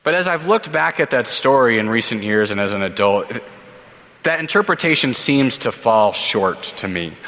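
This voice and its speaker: Bright-voiced man preaching in a reverberant hall. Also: mid-range voice. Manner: lively, casual retelling with asides. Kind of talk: sermon storytelling.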